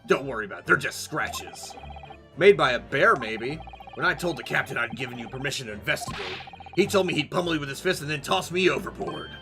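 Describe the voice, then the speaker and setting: A man voicing a gruff, battered male police inspector who plays down his injuries in an understated way. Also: medium pitch, animated, a little fast, over music, natural voice. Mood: stoic. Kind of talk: reading game dialogue aloud.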